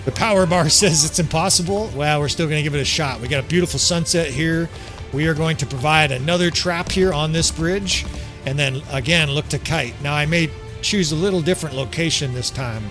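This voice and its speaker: A man's voice: on the high side, a little fast. Joking man commentating over game music. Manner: joking, profane, chuckles often. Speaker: gameplay commentator. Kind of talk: casual strategy game commentary.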